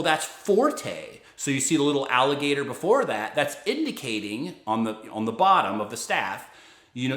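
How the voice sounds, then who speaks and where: A man teaching violin, patiently explaining fingerings and bowing and counting beats out loud. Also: fairly high pitch. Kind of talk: instructional explanation. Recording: echoey room with loud violin playing.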